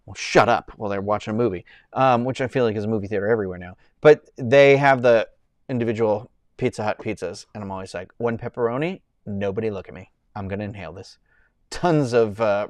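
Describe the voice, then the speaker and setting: A young man hosting a casual live stream, rambling and chatting with viewers in a loose way, full of fillers and quick laughs. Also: medium pitch, clear, resonant tone, no echo. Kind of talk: casual chat reading viewer comments.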